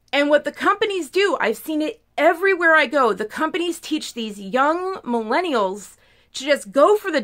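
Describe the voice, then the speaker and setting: High bright-voiced chatty woman vlogger. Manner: chatty, peppered with "like", emphatic. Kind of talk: casual storytelling to camera.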